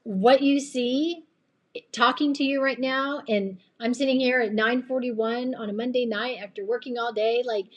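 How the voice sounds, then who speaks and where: Late at night, a woman hosts a live stream as a coach, giving an earnest, chatty faith-based motivational talk full of rambling and frequent laughter. Her voice is slightly tired and on the high side, with fairly even intonation, normal speed, and the highs cut off.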